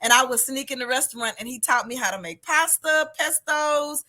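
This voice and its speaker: A woman chef telling stories from her childhood in a lively, casual chat, laughing often and acting out the people in them. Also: high-pitched, normal speed. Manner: animated storyteller, laughs often, acts out voices. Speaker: guest chef. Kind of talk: casual storytelling interview.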